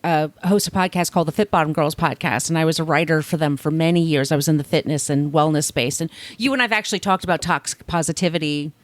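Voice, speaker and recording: A woman's voice: low-pitched, fast, few pauses, dry recording. A woman podcaster who is a guest on the show, chatting casually and musing aloud as she reacts.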